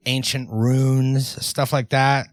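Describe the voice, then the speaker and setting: Deadpan male podcast co-host, dry close sound. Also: medium pitch, takes it slowly, dry recording. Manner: deadpan, mock-serious, filler-heavy. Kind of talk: casual comedic podcast chat.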